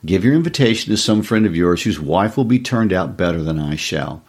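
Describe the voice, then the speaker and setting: A man reading aloud and voicing a discontented young wife who answers her husband with sharp, impatient retorts. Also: low-pitched, expressive, brisk, slightly rough. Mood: petulant.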